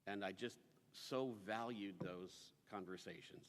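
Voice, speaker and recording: Low-voiced guy remembering a friend at a memorial, fond, echoey hall. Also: measured pace. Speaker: eulogy speaker. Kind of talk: memorial speech. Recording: reverberant hall.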